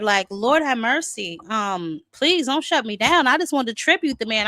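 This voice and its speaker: A chatty woman hosts a relaxed boxing livestream, greeting her viewers one by one. Her pitch swings widely and her voice sounds close and dry, with no room echo. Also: moderate pace, few pauses. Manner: chatty, greets viewers by name, talks to chat. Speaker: boxing channel host. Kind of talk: casual livestream chat.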